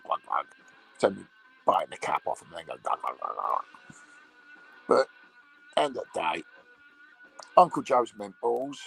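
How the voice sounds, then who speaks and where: Gröbnöb, a gravelly swearing troll, as a man puts him on. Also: medium pitch, fairly bright tone, heavily acted, rough recording. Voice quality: gravelly, husky. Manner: crude, swearing, rambling monologue. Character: crude, rambling male troll, a coarse bloke. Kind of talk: comedy character monologue.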